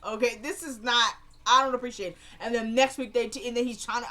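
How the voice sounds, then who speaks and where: A young woman giving a casual, opinionated recap of a TV episode, acting out the characters' lines in quick quoted bits. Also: fairly high pitch. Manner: animated, retells scenes in quoted voices, opinionated. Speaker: show recapper.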